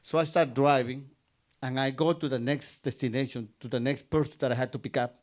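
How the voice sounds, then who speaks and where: A man's voice: mid-range voice, fairly even intonation, brisk. A man from Guatemala, telling a personal story on stage and acting out both sides of a conversation.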